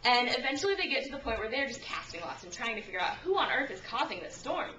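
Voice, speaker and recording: A young woman delivers a casual sermon, retelling stories in a chatty, lively way and slipping into the voices of the people she quotes. Her voice is bright and sits a little high. It was caught by a camcorder some distance away, in a room with strong echo. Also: fast, a little hiss or hum. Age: young adult. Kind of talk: informal sermon with storytelling. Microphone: handheld camcorder at a distance. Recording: echoey room from a far camcorder.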